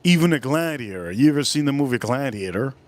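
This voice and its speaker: A man's voice: medium pitch, expressive, fast talker, no room sound. A man hosting a livestream, ranting bluntly in casual chat, swearing freely and rambling between thoughts. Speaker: livestream host.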